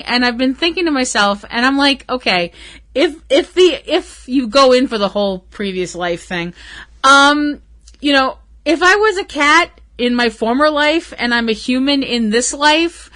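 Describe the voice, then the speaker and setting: Woman, podcast host, rambling casual chat, bright tone, laughs often. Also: high voice. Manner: chatty, rambling, swears freely, laughs often.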